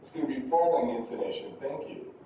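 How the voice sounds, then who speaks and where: A man teaching a university English class, giving patient step-by-step instructions and acting out exaggerated high and low intonation examples. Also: expressive, quick pace, warm tone, slight background noise. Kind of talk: classroom lesson. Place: large classroom. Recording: roomy, distant, dull classroom audio.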